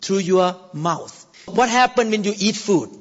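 High, lively male preacher in a reverberant hall. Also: unhurried. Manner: animated, exclaiming, laughing often. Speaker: pastor. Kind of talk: sermon. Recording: reverberant, dull lo-fi hall recording.

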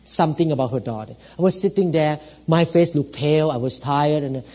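A man with a notably high voice preaches a sermon to his congregation, earnest and personal. He drops to hushed storytelling, then rises into loud exhortation, asking for amens. The recording is dull and lo-fi. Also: brisk. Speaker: pastor.

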